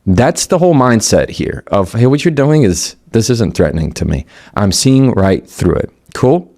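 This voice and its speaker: A man with a fairly low voice speaks in a motivational talk. His pitch rises and falls a lot as he acts out the people in his story. He talks in a loose, conversational way and often starts a sentence over. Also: moderate pace. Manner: conversational, animated, with quoted dialogue and restarts. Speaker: attorney and communication speaker.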